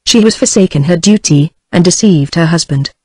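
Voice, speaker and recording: A woman's voice: on the low side, normal speed, a little mellow, husky, dry recording. A text-to-speech female voice with a British English accent reading the lines of a cold, stiff, middle-aged aristocratic husband in a formal, clipped way.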